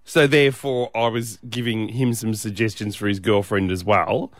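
A man's voice: fairly low pitch, steady tone, moderate pace, no room sound, clean studio sound. A man with an Australian accent, co-hosting a breakfast radio show in casual banter, joking and teasing with mock-seriousness.

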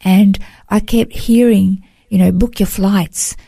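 A woman's voice: mid-range voice, steady tone, takes it slowly, vocal fry, mellow, husky, no echo. A woman telling a heartfelt personal testimony in an earnest, emotional way, often saying "you know". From Australia. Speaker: guest sharing a personal testimony. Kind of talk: emotional first-person storytelling.

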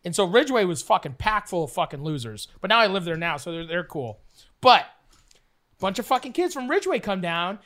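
Man, high voice, bright tone, profane rambling storyteller, casual podcast. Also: sing-song, brisk. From Canada. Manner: rambling, profane, acts out voices with loud yelps.

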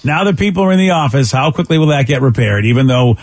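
A man's voice: mid-range voice, expressive, fast, no room sound, clean studio sound. A male radio host in casual morning show banter, joking and teasing his co-hosts.

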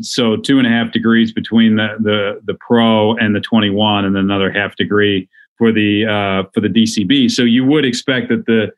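Man, low voice, careful and precise, casual podcast chat. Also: rough recording. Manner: careful, sets the facts straight.

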